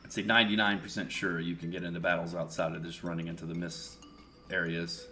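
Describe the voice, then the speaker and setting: A man giving relaxed, chatty let's-play commentary, thinking aloud as he plays. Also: low voice, fast talker. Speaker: streamer. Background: faint game music.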